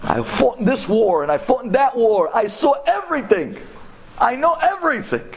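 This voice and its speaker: A man voicing a brash, scoffing older taxi driver and war veteran who shouts and mixes in Hebrew phrases. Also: extremely high pitch, sing-song, moderate pace, a little hiss or hum, voice pushed up, heavily acted. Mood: scoffing, ranting.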